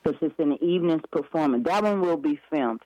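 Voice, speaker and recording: A man's voice: a little high, lively intonation, brisk, dark tone, muffled recording, a little hiss or hum. A man chatting eagerly as an interview guest, rambling with many restarts and self-corrections. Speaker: guest promoting upcoming events. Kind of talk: casual radio interview chat.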